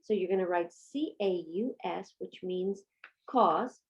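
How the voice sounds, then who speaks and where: A woman's voice: on the low side, slow pace, highs cut off. A woman giving a patient homeschool Latin lesson, asking and answering her own questions. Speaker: Latin teacher.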